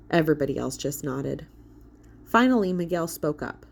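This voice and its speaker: A woman narrating a children's audiobook in an expressive, storytelling manner. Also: low-pitched, a little slow, gravelly, breathy edge. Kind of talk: scripted narration.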